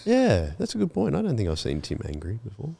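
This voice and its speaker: A man's voice: lowish voice, wildly swooping pitch, fairly quick, gravelly, mellow, husky. A man hosting a podcast, asking questions in an easygoing, encouraging way. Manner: easygoing, encouraging, laughs along. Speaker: podcast host. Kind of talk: casual interview.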